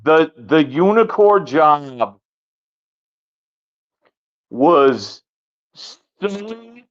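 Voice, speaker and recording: Slow, halting man on a dull line. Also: a little high, lively intonation. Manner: slow, halting, repeats words. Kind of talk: casual chat. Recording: dull lo-fi sound.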